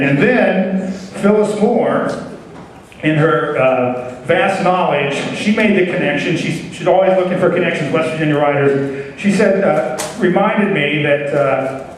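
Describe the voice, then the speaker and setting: A man emceeing a live show, chatty and rambling, with lots of fillers. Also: fairly high pitch. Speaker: emcee of a writers' conference show. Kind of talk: casual stage emceeing. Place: large conference hall. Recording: echoey hall from far off.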